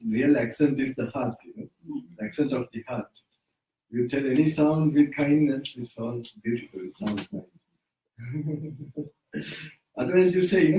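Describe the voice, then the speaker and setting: A man's voice: mid-range voice, moderate pace, pauses often, muffled recording, a little hiss or hum. A man gives an informal Buddhist dharma talk in a home, correcting himself as he goes and chuckling often. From Sri Lanka. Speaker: Buddhist monk teacher. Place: indoors at a private residence. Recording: roomy sound, mic at a distance.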